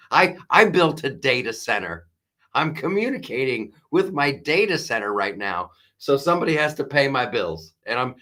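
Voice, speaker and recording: A man's voice: medium pitch, sharp tone. A man hosting a live comedy news show, ranting with exasperated sarcasm and frequent restarts.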